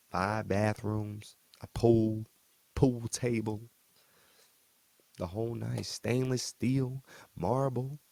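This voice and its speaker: Deep, gravelly-voiced man doing a casual recap. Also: a little mellow, dry recording. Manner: slangy, joking asides. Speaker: host of a TV recap channel. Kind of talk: casual recap and reaction commentary.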